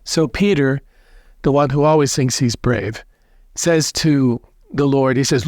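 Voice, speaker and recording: A man, a priest, giving a gospel reflection in a gentle, unhurried storytelling way, with some restarts. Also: mid-range voice, dry recording, clean studio sound.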